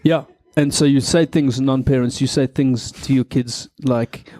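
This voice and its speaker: A man, a comedian telling animated stories and acting out voices on a radio show. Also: mid-range voice, a little slow, no room sound. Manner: animated, acts out voices and quotes. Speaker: guest comedian. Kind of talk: comedic storytelling on live radio.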